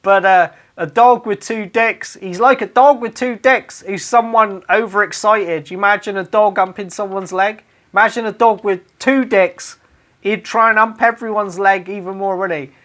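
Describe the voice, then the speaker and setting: A man with a Cornish accent, a radio DJ, doing a comic monologue where he reads out sayings and throws in loud, exaggerated dialect phrases. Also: high-pitched, steady tone, moderate pace.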